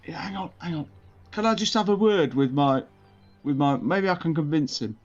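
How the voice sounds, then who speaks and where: A man's voice: a little high, normal speed, soft background music. A man playing a tabletop game, stammering and restarting his sentences often. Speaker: player. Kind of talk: tabletop game role-play. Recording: dull lo-fi audio.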